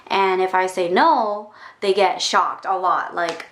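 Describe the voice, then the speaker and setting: A young woman from Canada telling a casual storytime rant to camera, chatty and quick to act out other people's reactions. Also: steady tone, a bit bright, echoey room. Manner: chatty, acts out quoted reactions in a higher voice. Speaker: vlogger.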